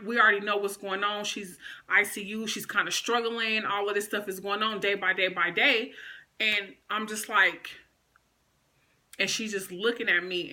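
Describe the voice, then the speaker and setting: A woman's voice: medium pitch, sharp tone. An adult woman vlogger telling a personal story in an emotional, conversational way, full of fillers.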